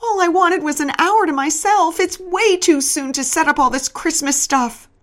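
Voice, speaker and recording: A woman voicing a distraught, frazzled mother who shrieks, shouts and sobs in a tearful, accusing way. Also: normal speed. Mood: sobbing reproach. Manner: shrill, loud, tearful.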